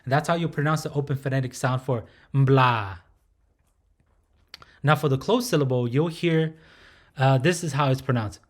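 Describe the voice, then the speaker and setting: A man's voice: medium pitch, normal speed, pauses often. A man teaching pronunciation patiently, repeating each sound and often checking in with the learner. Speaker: language teacher. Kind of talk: pronunciation lesson.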